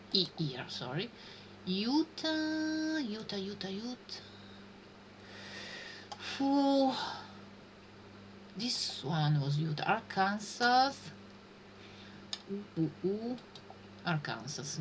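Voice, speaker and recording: Slow, bright-voiced woman streamer. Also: medium pitch, a little hiss or hum. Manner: thinking aloud, hesitant muttering. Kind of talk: live-stream gameplay commentary.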